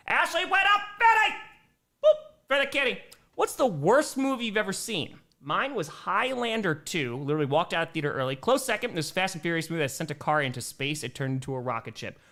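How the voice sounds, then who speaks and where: A man's voice: expressive, fast talker, hardly any pauses, a bit bright. A man in his thirties, a streamer reading chat questions aloud and chatting loosely in a casual live Q&A. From Wisconsin, USA. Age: 30s. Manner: chatty, reads chat aloud and riffs, talks to his cats in a high baby voice.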